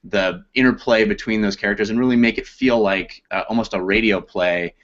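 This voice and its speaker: Relaxed male actor in an interview, lower pitch, dull lo-fi recording. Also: brisk. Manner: relaxed, self-deprecating. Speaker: audiobook narrator and actor. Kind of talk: casual interview chat.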